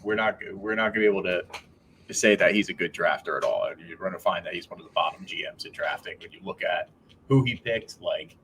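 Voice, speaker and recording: A man's voice: low-pitched, fast talker, a bit bright, a little hiss or hum, poor audio. A man co-hosting a podcast in casual sports chat, rambling with restarts, swearing and laughing. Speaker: podcast co-host.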